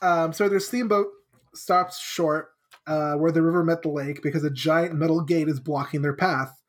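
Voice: mid-range voice, moderate pace. A podcast co-host casually recapping a book chapter, acting out the characters' lines as she goes. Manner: animated, acts out characters' lines in quotes.

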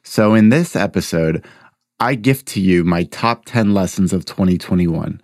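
A man's voice: low-pitched, unhurried, darkish tone, dry recording, faint music behind. A man hosting a podcast, giving earnest, motivational self-improvement advice from a script. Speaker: podcast host.

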